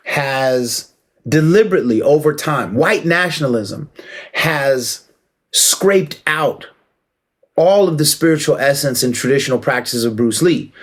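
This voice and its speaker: A man giving a casual, emphatic opinion monologue, preaching and calling out to listeners with rhetorical questions and shout-outs. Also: fairly high pitch. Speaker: martial arts commentator.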